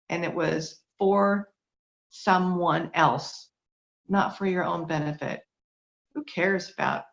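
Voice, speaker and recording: A woman's voice: on the low side, creaky, fairly bright tone. A middle-aged woman giving a heartfelt, faith-based talk, earnest and emotional, fighting back tears. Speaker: speaker sharing a testimony. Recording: dull lo-fi recording.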